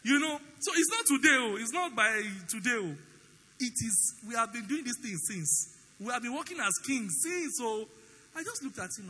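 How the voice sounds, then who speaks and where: Animated Nigerian pastor preaching in a hall. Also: male voice, extremely high pitch, normal speed, slight background noise. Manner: animated storytelling, acts out dialogue. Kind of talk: sermon.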